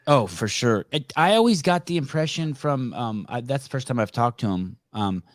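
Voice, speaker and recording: A man's voice: mid-range voice, expressive, moderate pace, dry recording. A man hosting a podcast over a video call, rambling and joking as he chats with his guests. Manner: rambling, joking, easily sidetracked. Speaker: podcast host. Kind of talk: casual podcast chat.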